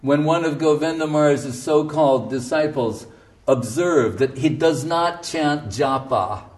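A man's voice: on the high side, unhurried, distant mic. A man giving a devotional lecture as a spiritual teacher, earnest and emphatic, quoting his teacher and chanting short verses. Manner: earnest, emphatic, quotes his guru in Bengali and Sanskrit.

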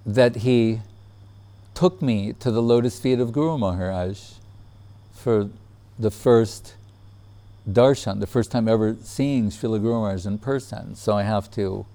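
A man telling a personal memory in casual storytelling, relaxed, laughing often and acting out what others said. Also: lowish voice, unhurried.

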